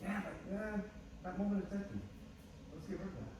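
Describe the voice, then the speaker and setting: A man teaching a martial arts class, animated, acting out quoted lines of dialogue as he coaches his students. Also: high voice, fairly quick, background noise. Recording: echoey gym heard from a distance.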